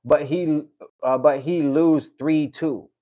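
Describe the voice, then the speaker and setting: A man's voice: fairly high pitch, steady tone, slow, dry recording, narrow, tinny audio. A man hosting a casual MMA livestream, chatting to viewers, reading comments aloud and often breaking into laughter. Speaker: MMA channel host.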